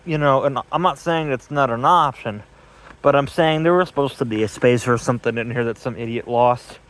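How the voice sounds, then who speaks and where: Young dude rambling and cussing outside in the cold, kinda high voice, casual vlog. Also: male voice. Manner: crude, profane, rambling. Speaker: DIY vlogger. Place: outdoors in the cold.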